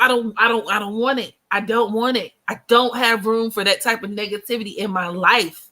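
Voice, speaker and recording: A woman's voice: on the high side, steady tone, a little fast, bright, forceful tone. An American woman in her thirties hosting a casual livestream chat, blunt, slangy and joking as she talks. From United States. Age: 30s. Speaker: host.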